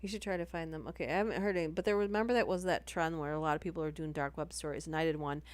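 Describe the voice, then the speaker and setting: Deep-voiced and steady in tone, a woman talks at a racing pace with no room sound audible. She's chatting on a live stream between horror story readings, rambling and breaking into her own sentences.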